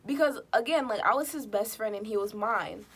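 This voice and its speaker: A woman vlogger telling a personal story in a casual, slangy, animated way. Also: on the high side, brisk, husky. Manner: animated, slangy, acts out quotes of others.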